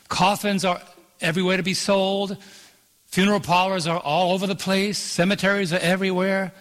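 A pastor in full sermon, a man whose voice sits a little on the high side. He preaches emphatically, stretching out scripture verses and asking the room for "Amen". The sound rings with the long reverb of a church auditorium. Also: a bit bright.

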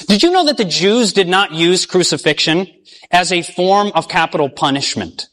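High-voiced male preacher in a reverberant hall. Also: lively intonation, a bit bright. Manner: asks the listeners questions and has them finish verses; drops low and slow when reading scripture aloud. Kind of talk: sermon.

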